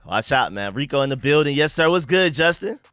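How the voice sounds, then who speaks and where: A young man from the United States hosting a live stream, chatting casually and shouting out viewers and donations. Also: a little high, lively intonation, fairly quick, smooth, no echo, studio quality. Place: home room.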